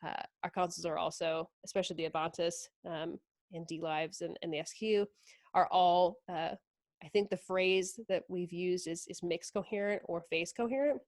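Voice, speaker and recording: Low-voiced woman explaining mixing consoles. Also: steady tone, normal speed, darkish tone, dry recording, studio quality. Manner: chatty, lots of fillers and likes. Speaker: audio console product specialist. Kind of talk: casual technical demo talk.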